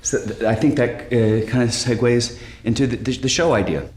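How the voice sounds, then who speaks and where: An actor playing a washed-up, anxious middle-aged stand-up comic who talks in a halting, stammering, self-deprecating way. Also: male voice, mid-range voice, steady tone, a little mellow, close to an everyday voice. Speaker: stand-up comic pitching a show.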